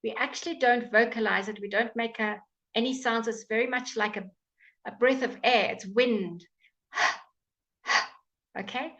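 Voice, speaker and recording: A woman's voice: on the high side, fairly even intonation, unhurried, long pauses, a bit bright. A woman with an English accent teaching pronunciation in a live online lesson, patiently drawing out example words for learners to repeat. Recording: dull lo-fi stream audio.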